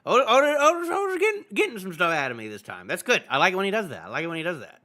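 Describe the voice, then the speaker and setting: A young man reacts live on a stream, laughing often and repeating himself. His voice is high and lively, and the swings in pitch are wide. The tone is bright and sharp. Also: racing. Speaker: manga review streamer. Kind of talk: live casual reaction chat.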